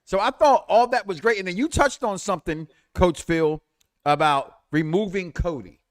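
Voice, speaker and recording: A man co-hosting a wrestling talk show, chatting casually in a lively, joking way with stammered restarts. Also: high-pitched, moderate pace, no echo, studio quality. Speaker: wrestling podcast co-host. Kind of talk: casual barbershop-style chat.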